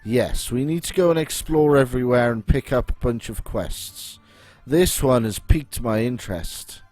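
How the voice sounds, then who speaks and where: A man's voice: medium pitch, normal speed, darkish tone, dry recording, faint music behind. Man musing through gameplay. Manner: chatty, musing, hesitant fillers. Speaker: let's play commentator. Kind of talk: casual gameplay commentary.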